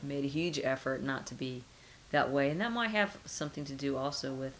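A woman's voice: rumbling low, fairly quick, slight background noise, poor audio. A middle-aged woman being interviewed, talking casually and musing with rhetorical questions.

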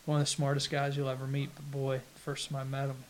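Southern us guy, interviewed, talks slow and plain, pretty monotone, bit of hiss. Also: medium pitch. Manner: unhurried, plain-spoken, halting restarts. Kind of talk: casual interview conversation.

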